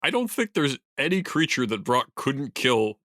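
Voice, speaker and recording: A man's voice: mid-range voice, big pitch swings, normal speed, a bit bright, no echo, clean studio sound. A man co-hosting a comedy podcast in casual chat, riffing on jokes and laughing often. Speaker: podcast co-host.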